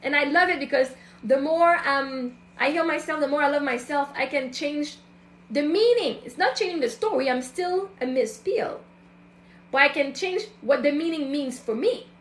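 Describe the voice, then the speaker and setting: A woman in her thirties with a high, bright-pitched voice talks through a candid personal reflection as a show host. Her delivery is chatty and loose, full of fillers and quoted inner thoughts. The recording carries a noticeable roomy echo. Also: moderate pace. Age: 30s.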